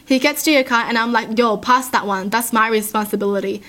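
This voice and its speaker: A woman voicing a boastful, excited homeless man. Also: on the high side, a little fast. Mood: excited boasting. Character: excited grateful homeless man, street-tough.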